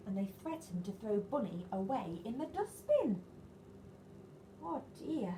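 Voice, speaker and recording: A woman, a nursery teacher reading a picture book to young children in an animated, sing-song way and asking them questions. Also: medium pitch, measured pace, a little hiss or hum. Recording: echoey room, faint ambience.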